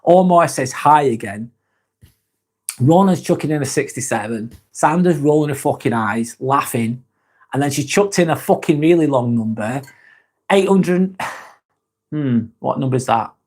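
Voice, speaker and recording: A man's voice: medium pitch, expressive, a little slow, darkish tone. A man hosting a casual live chat, reading viewer comments aloud, laid-back, laughing often and swearing freely. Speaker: livestream host.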